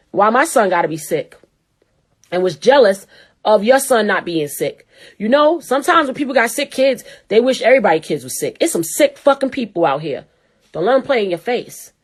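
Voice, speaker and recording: A woman host giving blunt, profane, heated commentary to her viewers. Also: on the high side. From New York. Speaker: show host. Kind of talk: ranting commentary.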